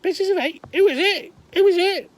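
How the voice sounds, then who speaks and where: A man's voice: very high-pitched, moderate pace, pitched above the performer's own voice. A man voicing a pet parrot that squawks and repeats everything it hears. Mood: squawking. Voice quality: squawking, repetitive. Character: shrill mimicking pet parrot.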